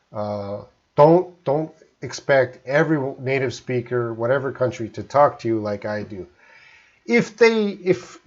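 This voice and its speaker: A man from Canada teaches English on a live stream, answering questions one by one. He speaks slowly and deliberately, at a medium pitch, and the audio is a bit dull and lo-fi. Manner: slow, careful, reads out viewer questions. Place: home in Korea, live stream.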